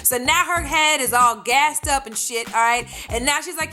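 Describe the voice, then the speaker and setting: A woman's voice: sits high, moderate pace, pushed and bright, soft background music. A woman casually recapping a reality show episode in a brash, sassy, profane way, acting out the cast's lines. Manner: brash, sassy, swearing, acts out quotes.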